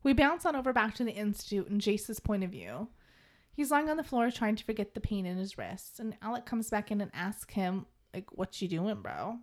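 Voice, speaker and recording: A woman's voice: medium pitch, brisk. A woman in her thirties co-hosting a casual book chat, reading passages aloud and joking, swearing casually and laughing often.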